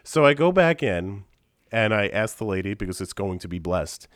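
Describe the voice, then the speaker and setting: A man with a stuffy, congested voice, telling animated stories in a casual podcast chat and swearing casually. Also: on the low side, moderate pace, dry recording, studio quality. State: congested from a sinus infection. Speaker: podcast regular.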